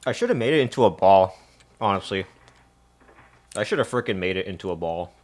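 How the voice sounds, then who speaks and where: A man's voice: deep voice, animated, a little fast. A man streaming live from a home kitchen, winded and tired. He rambles to his viewers and swears often. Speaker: livestreamer. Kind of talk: casual live-stream chat.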